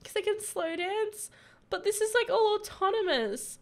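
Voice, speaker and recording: A woman's voice: extremely high pitch, expressive, moderate pace. A young woman giving casual, giggly let's play commentary, gushing over sweet moments in the game with faint game music behind her. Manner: gushing, giggly, easily moved. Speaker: gameplay commentator.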